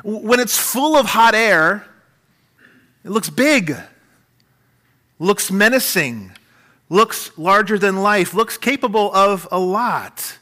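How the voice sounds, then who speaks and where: Male pastor, bright, slightly high voice, animated sermon delivery. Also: takes it slowly, pauses often. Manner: animated preaching, dramatic shifts in pitch and volume.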